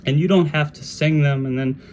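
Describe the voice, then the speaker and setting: A man's voice: on the high side, brisk. Conversational man teaching jazz guitar. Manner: relaxed, conversational, scats melodies. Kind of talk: casual video lesson.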